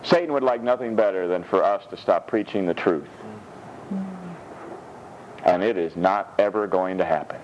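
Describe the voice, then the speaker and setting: A man preaching a sermon in a lively, humorous way, laughing often and slipping into high mock voices when he quotes scripture. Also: moderate pace, pauses often, muffled recording, a little hiss or hum. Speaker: pastor.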